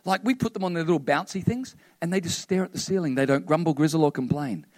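Aussie pastor guy telling stories in a sermon, voice a bit high, goes soft and hushed near the end. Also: fast, no room sound. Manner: conversational storytelling, softening to a hushed close.

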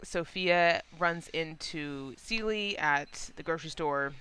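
A woman co-hosting a casual movie podcast, animated and swearing freely as she recaps scenes. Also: takes it slowly, smooth. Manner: animated, swears freely, acts out characters in high voices. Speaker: podcast co-host.

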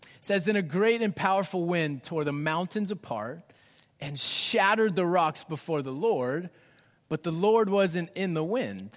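A man in his thirties preaching a sermon as pastor, swinging from raised emphasis down to hushed, near-whispered lines. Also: high voice, lively intonation, measured pace. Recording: long hall reverb.

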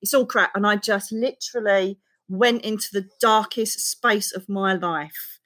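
A woman speaks as a podcast guest with a mid-pitched voice. She tells her story frankly, with an earthy bluntness and the odd mild swear. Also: fairly even intonation, measured pace, fairly bright tone. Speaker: podcast guest, psychic and author. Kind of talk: candid storytelling in an interview.

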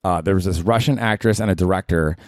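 A man's voice: deep voice, fast talker, dry recording, studio quality. A man hosting a casual comedy podcast on his own, talking in a sarcastic, profane and rambling way. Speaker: podcast host.

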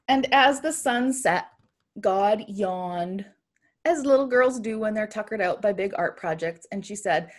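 A woman reading a story aloud in a measured storytelling manner. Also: medium pitch.

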